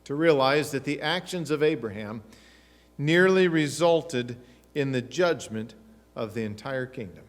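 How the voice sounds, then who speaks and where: A man's voice: medium pitch, expressive, measured pace. A middle-aged man, preaching a sermon as pastor with emphatic rhetorical questions and asides. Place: church sanctuary. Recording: long church reverb.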